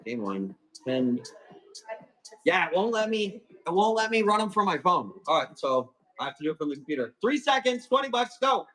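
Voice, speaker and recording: A man hosting a live plant auction stream, chatting casually and calling quick countdowns, with a casual swear here and there. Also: sits high, very animated, bright, forceful tone, poor audio. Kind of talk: livestream sales chat.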